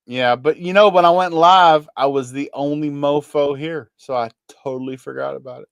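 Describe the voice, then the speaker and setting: A man's voice: fairly high pitch, fairly even intonation, normal speed, gravelly, a bit bright, smooth, dry recording. A man from Kentucky with a toned-down Kentucky accent, hosting a live gaming show in loose, joking, rambling talk. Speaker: show host. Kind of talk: casual live-stream chat.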